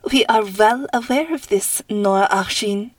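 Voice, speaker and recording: A woman's voice: medium pitch, unhurried, dry recording, close to an everyday voice. A woman voicing a stern, commanding school cook with a French accent. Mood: stern, imperious. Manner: haughty, commanding, theatrical.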